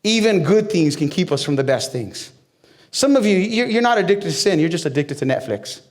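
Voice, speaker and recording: Pastor guy preaching, kinda high voice, chatty and joking, then ramps up loud and intense. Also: expressive, a little fast. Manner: dynamic preaching that builds to loud, high climaxes; conversational with humor and direct questions to the crowd. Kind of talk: sermon.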